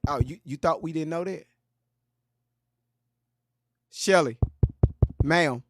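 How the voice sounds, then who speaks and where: A man hosting a reaction video, commenting on played clips in a profane, exasperated rant that flares into shouting. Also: a little high, takes it slowly, dry recording.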